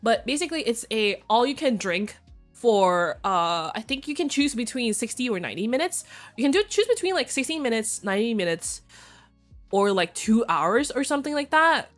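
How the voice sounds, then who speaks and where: Giggly young woman streaming, chatty and bouncy, high lively voice, some quiet music under it. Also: moderate pace. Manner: giggly, animated storytelling with quoted voices. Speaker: vtuber streamer. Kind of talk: casual chat.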